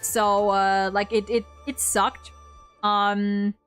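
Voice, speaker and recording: A woman's voice: mid-range voice, level tone, slow pace, fairly bright tone, clear, resonant tone, faint music behind. A young woman from Germany with a slight German accent, chatting casually on a live stream in a rambling way, with lots of fillers and free swearing.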